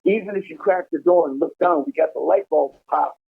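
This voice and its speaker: High raspy guy on a tinny prison phone, cussing through a wild story. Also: a little fast. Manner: profane, animated storytelling, laughing at his own tale. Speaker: incarcerated caller telling prison stories.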